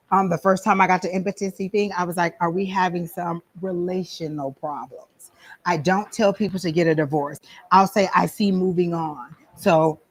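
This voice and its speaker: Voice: medium pitch, rough recording. A psychic medium giving an informal live talk at a fair, telling stories and acting out the dialogue. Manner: chatty storytelling, acting out dialogue. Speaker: psychic medium teaching a class. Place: psychic fair event room.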